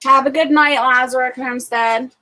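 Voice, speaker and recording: Ohio lady rambling on her livestream, kinda high voice, lots of ums and likes. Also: fairly even intonation, normal speed, sharp tone, poor audio. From Ohio, USA. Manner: rambling, chatty, many fillers, greets viewers. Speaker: homesteading livestream host. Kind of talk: casual livestream chat.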